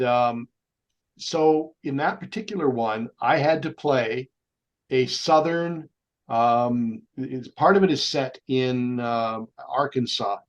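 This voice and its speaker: A man, speaking as a guest on an interview show. He tells lively stories at a mid-range pitch. He slips into voices whenever he quotes someone. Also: dull audio. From Canada. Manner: animated raconteur, slips into voices when he quotes people. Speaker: guest actor. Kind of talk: anecdotal storytelling in an interview.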